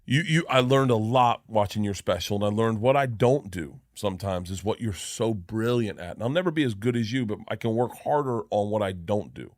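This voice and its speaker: A man's voice: lowish voice, a little fast, hardly any pauses, dry recording, clean studio sound. A man telling rambling, self-deprecating stories in a casual podcast chat, with many restarts. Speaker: comedian guest.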